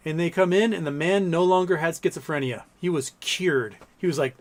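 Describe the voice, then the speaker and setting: A man's voice: a little high, fairly quick. A man hosting a casual livestream, reading chat messages aloud and telling long, rambling stories with plenty of swearing. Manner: rambling, profane, storytelling, reads chat aloud. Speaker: livestream host.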